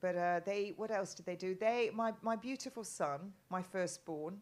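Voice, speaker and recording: A woman's voice: mid-range voice, moderate pace, darkish tone. A middle-aged woman from England talking as a guest in a casual live chat, rambling with many restarts and ums.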